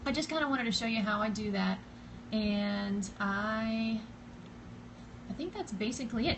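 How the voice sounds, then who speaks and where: A woman from the Southern United States, with a Southern US accent, hosts a casual live-stream tutorial recorded on a phone camera with background noise. Her voice is on the high side, at a measured pace with frequent pauses, and she's chatty and rambling, full of fillers, greeting viewers by name as they join.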